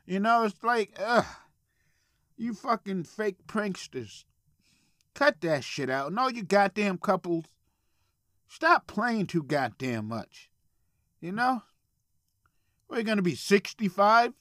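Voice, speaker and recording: A man's voice: sits high, lively intonation, measured pace, a bit bright, no echo, studio quality. A man hosting a solo podcast from a small room, ranting in a profane, exasperated way. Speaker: podcast host.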